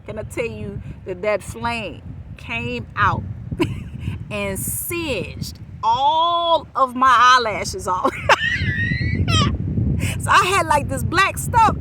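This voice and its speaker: A woman vlogger telling a personal story to camera outdoors, animated and laughing often as she talks to her viewers. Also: high voice. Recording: outdoor noise with passing traffic. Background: outdoor ambience and vehicles.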